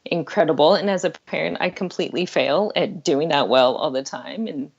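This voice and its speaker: A woman's voice: deep voice, normal speed, creaky, breathy edge, highs cut off. A middle-aged woman talking earnestly and candidly as a guest on an interview podcast, laughing now and then. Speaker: life coach guest.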